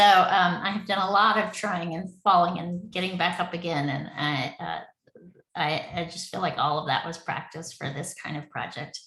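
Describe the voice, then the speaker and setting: A woman's voice: lowish voice, a bit bright. Effusive woman in an echoey room. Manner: effusive, rambling, laughs often. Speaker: city project lead running the meeting. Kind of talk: casual online meeting talk. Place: home.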